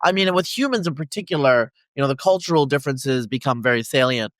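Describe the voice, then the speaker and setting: A man's voice: mid-range voice, animated, quick pace, fairly bright tone, dry recording. A man hosting a podcast interview, talking in a rambling, casual way with lots of fillers and restarts. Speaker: podcast host. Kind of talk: conversational interview.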